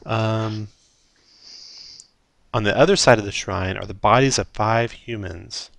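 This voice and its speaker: A man narrating as game master of a tabletop game, relaxed and hesitant with frequent ums. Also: fairly low pitch, a little slow, gravelly, a little hiss or hum.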